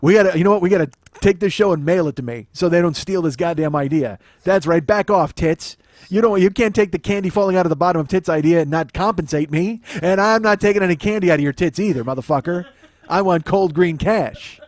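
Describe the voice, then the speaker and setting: A man's voice: sits high, fairly quick. A man in his forties hosting a solo comedy podcast, ranting in a profane, self-mocking, mock-indignant way.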